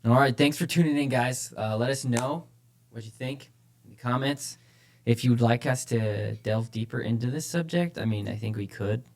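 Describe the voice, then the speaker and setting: A man's voice: medium pitch, moderate pace, darkish tone. A man co-hosting a church podcast, talking casually and with energy about faith, often repeating phrases for emphasis. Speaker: podcast co-host, church leader.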